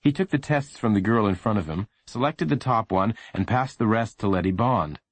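Low-voiced male audiobook narrator, lively delivery, dry close sound. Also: moderate pace, slightly rough, no room sound. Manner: expressive storytelling.

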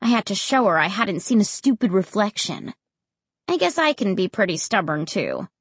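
Husky woman reading a storybook. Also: medium pitch, normal speed, dry recording. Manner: expressive, dramatic reading. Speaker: audiobook narrator. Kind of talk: first-person storybook narration.

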